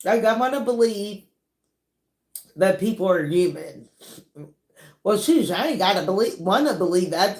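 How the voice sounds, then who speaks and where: A woman hosting a celebrity gossip channel, chatting casually in an animated way, laughing often and drawing out her words. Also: medium pitch, moderate pace, long pauses, reverberant. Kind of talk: casual commentary.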